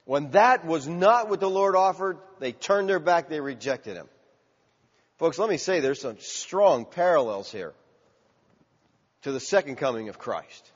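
A man preaching a sermon, asking the congregation questions and building to loud cries. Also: fairly high pitch, expressive, measured pace. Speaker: pastor. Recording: dull sound with long hall reverb.

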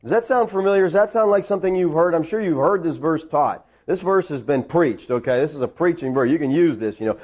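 A man's voice: fairly high pitch, fairly quick, few pauses, darkish tone. A man preaching a sermon as pastor, conversational, with teasing asides to his congregation in a church.

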